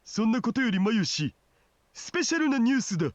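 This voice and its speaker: An actor playing a laid-back, indulgent middle-aged father who talks rapidly. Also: very high voice, sing-song, slight background noise. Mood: easygoing. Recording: dull game audio.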